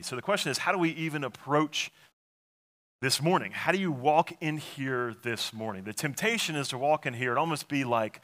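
A man's voice: medium pitch, normal speed, fairly bright tone. Earnest, conversational male pastor preaching. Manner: conversational, earnest, full of fillers and restarts. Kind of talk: sermon.

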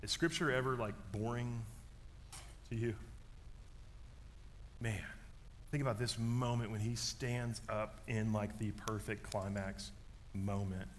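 A man, preaching a sermon and telling a story in an animated way, dropping to a hush and then rising loud. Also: medium pitch, slow, pauses often, a little hiss or hum. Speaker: pastor.

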